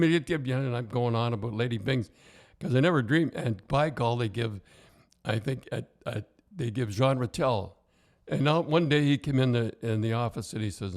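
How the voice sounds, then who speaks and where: A man's voice: mid-range voice, animated, moderate pace. Older man, podcast co-host, casual chat, rambling storyteller who keeps restarting his sentences. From Canada. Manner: rambling storyteller, frequent restarts, laughs at his own stories. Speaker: podcast co-host, former hockey coach.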